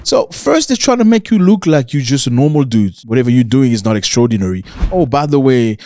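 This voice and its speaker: A man giving a motivational talk to camera, emphatic, repeating lines for stress and now and then mimicking others in a mocking higher voice. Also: lively intonation, quick pace, darkish tone, soft background music. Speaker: motivational speaker.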